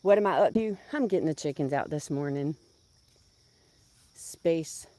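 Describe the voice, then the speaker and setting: A woman's voice: deep voice, animated, a little slow, warm tone. A woman talking casually into her phone outdoors as she tends her chickens, a little out of breath and chatty. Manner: chatty, sweet-talks her animals, laughs often. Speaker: backyard chicken keeper. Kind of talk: casual vlog chat. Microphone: phone set down or carried.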